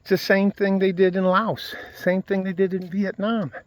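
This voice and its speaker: A man's voice: high-pitched, flat delivery, normal speed, no echo. A man from the United States delivering a profane, heated political rant straight to his viewers. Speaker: video blogger. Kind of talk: angry political rant to camera.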